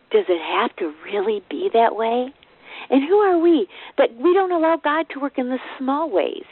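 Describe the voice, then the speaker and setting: A woman's voice: sits high, no room sound. A woman giving an informal devotional to a business team, retelling a Bible story in a casual, conversational way with offhand asides. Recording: tinny phone-like, dry sound.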